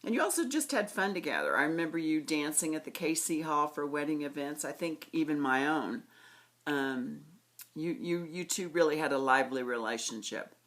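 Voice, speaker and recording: A middle-aged woman recording a personal birthday message to her aunt, reminiscing fondly and slowly with pauses. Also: low-pitched, animated, a bit bright. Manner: fond, reminiscing, slow with pauses. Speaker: niece giving a birthday tribute.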